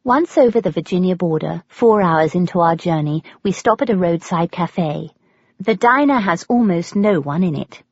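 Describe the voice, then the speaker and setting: A woman with an English accent narrating an audiobook in first person, wry and lively. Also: lowish voice, husky, dry recording. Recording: dull, lo-fi, dry.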